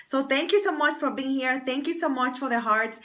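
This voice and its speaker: Her voice is high, fairly quick and sharp-toned. This fashion stylist and confidence coach runs a casual, bubbly livestream, chatting and calling out viewers by name in thanks, through an external mic attached to her phone.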